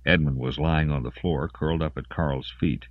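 A man narrating an audiobook in an expressive voice, lingering on grim detail. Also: very deep voice, moderate pace, no echo, narrow, tinny audio. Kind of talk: scripted narration.

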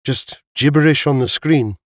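A quick, curious young woman on a bike, her voice pitched noticeably higher than the low-voiced reader's own, as a man puts her on. The lines come fast and questioning, with a dry, close sound. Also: dry recording, natural voice. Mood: matter-of-fact. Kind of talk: audiobook character voice.

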